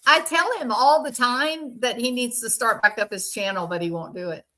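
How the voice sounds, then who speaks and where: A woman's voice: on the high side, normal speed, bright, forceful tone. A woman hosting casual true crime commentary, bluntly and indignantly answering viewers by name. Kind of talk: casual commentary reacting to chat.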